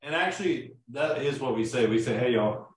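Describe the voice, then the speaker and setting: A man's voice: medium pitch, expressive, fairly quick, reverberant, poor audio. A young man in casual chat, joking and arguing playfully. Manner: joking, argumentative.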